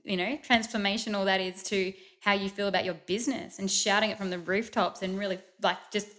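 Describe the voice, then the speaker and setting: A woman's voice: mid-range voice, steady tone, fairly quick, fairly bright tone. Enthusiastic woman co-host. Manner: enthusiastic, affirming, laughs often. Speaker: podcast co-host. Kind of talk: casual podcast chat.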